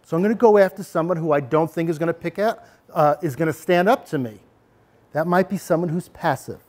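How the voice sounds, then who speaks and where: Lively high-voiced man presenting. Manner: animated, speaking in first person as a bully. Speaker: presenter on bullying prevention. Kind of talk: lecture with role-play.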